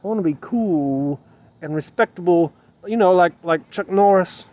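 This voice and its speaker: A man's voice: high-pitched, normal speed, darkish tone. Man musing aloud outdoors, rambling. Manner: rambling, repeats himself, emotional self-questioning. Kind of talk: personal vlog monologue.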